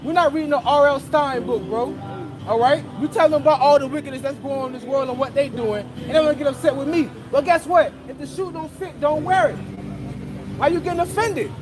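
A man preaches out on a street corner with a strikingly high voice, fiery and profane, tagging almost every line with "man" or "bro". The outdoor recording carries a busy crowd behind him. Traffic rolls past. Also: fairly quick. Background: crowd and passing traffic.

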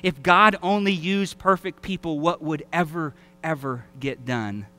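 A male preacher with a Southern accent delivers an animated sermon, often slipping into acted-out voices. His voice sits high and is strikingly bright and smooth. The sound is close and dry. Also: a little slow, soft background music. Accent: Southern American. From Alabama. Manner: animated, acts out quoted voices and shouts. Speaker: pastor. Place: church sanctuary.

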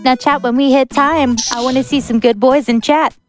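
A woman's voice: sits high, fairly even intonation, moderate pace, faint music behind. A woman giving upbeat, chatty commentary on a live speedrun and talking to the viewers.

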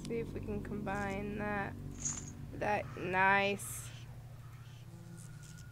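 A woman hosting a let's-play video, reading the game's dialogue aloud and reacting gently. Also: on the high side, noisy background. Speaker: gaming video host.

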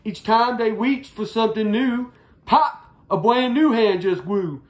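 A woman's voice: a little high, a little slow, darkish tone. A woman reading a rhyming picture book aloud in a sing-song way, stopping now and then to fix her slips. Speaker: storyteller.

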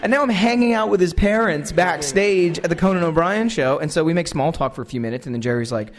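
A man's voice: a little high, brisk, few pauses. Self-mocking American man telling stories. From United States. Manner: animated, self-deprecating, acts out the dialogue. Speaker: guest speaker. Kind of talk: comic storytelling to a live audience.

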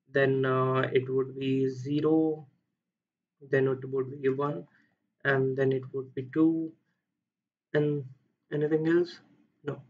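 A man with an Indian accent talks slowly through a coding solution, pausing on fillers and correcting himself as he goes. His voice sits a little high for a man. The recording sounds dull and lo-fi. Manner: thinking aloud with frequent fillers and self-corrections. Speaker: coding tutor. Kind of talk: screen-recorded coding walkthrough.

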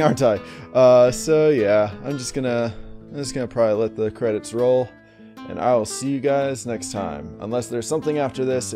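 Male let's play host, laid-back and rambling, gravelly, lively pitch, soft game music behind. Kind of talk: casual commentary over game credits.

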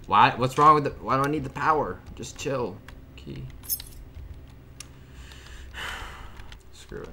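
A man's voice: medium pitch, animated, slow, pauses often, sharp tone, a little hiss or hum. A man hosting his own gaming channel, giving casual let's-play commentary and joking back at the game's characters. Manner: jokey, talks back to game characters. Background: game music.

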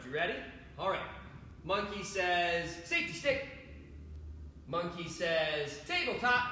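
A man's voice: high voice, bright, forceful tone, heavy reverb, slight background noise. A man coaching a children's home gymnastics workout, upbeat and playful, talking straight to the kids watching. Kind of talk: kids' home workout lesson.

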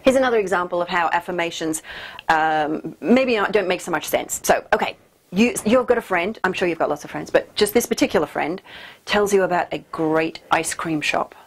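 Lively woman teaching to camera. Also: fairly low pitch, fairly quick, breathy edge. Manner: lively, playful explaining with emphatic rhetorical questions. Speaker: host and teacher. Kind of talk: direct-to-camera teaching talk.

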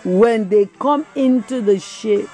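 Woman evangelist, livestream sermon, high voice, slow deliberate delivery, repetitive emphatic phrasing, breaks into tongues, faint music behind. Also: mellow. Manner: punctuates phrases with "eh". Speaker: evangelist preacher.

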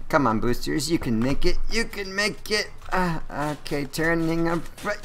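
Excitable man commentating a game. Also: fairly high pitch, moderate pace, few pauses, slight background noise. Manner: excitable, exclaiming and laughing at the action. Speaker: gameplay commentator. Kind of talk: casual gameplay commentary.

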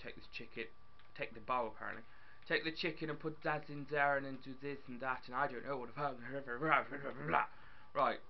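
A young man chatting casually as he plays a building game, excitable and talking to his viewers and his in-game dog. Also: mid-range voice, normal speed, vocal fry, few pauses, dull audio, slight background noise. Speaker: gaming YouTuber.

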